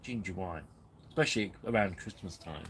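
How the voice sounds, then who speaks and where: A man's voice: low voice, fairly quick, a bit bright, a little hiss or hum, poor audio. A man hosting a casual live stream from his tent, rambling and self-deprecating. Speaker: camping channel host. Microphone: camera on tripod.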